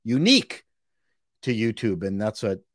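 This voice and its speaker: Male guest, mid-pitched, hesitant, dry close sound. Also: very animated, dry recording. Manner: halting, with many fillers and restarts, trailing off softly. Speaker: guest YouTuber. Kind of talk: casual live-stream chat.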